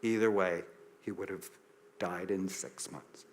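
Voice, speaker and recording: A man around sixty from the United States, a psychiatrist telling a story in a lecture, acting out the dialogue with lively shifts in pitch and loudness. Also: a little slow, a little hiss or hum. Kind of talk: storytelling talk to an audience.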